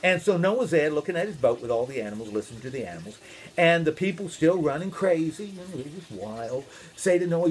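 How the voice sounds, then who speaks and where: Man, minister, children's storyteller, high lively voice, playful, asks questions. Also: brisk. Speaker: minister telling children's stories.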